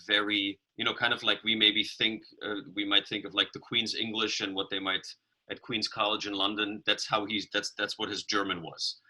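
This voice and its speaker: Bright-voiced man sharing a story. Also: fairly low pitch, poor audio. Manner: reflective, storytelling, frequent restarts. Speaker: meeting participant. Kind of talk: casual sharing in an online meeting.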